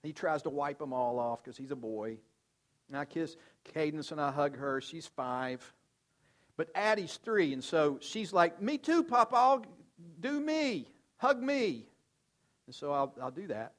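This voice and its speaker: An older man delivers a sermon in an earnest, conversational way. His voice sits a little high for a man, and he often drops to a soft, low tone to drive a point home. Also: unhurried. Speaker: pastor.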